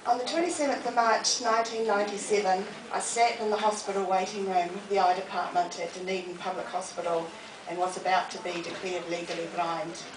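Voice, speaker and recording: A woman, giving a lively, humorous motivational talk to a live audience in a library. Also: medium pitch, brisk. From New Zealand. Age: 40s. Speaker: motivational speaker. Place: public library hall. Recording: echoey room, distant mic, noisy.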